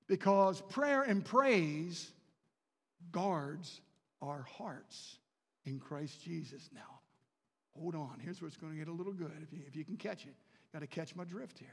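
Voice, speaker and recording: A man from the Baltimore area preaching a sermon in a chapel, swinging from quiet asides to shouted declarations. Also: sits high, long reverb tail.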